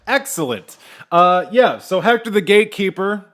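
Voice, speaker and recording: Guy gm narrating a tabletop game, kinda high voice, laid back, lots of ums. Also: animated, normal speed, a bit bright. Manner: loose and conversational, frequent fillers. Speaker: game master.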